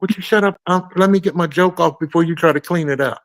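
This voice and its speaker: A man with a notably high voice ribs his co-hosts in crude, profane banter. He talks loudly and pushes every joke further. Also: fast, low-quality recording. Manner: loud, profane, teasing. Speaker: co-host.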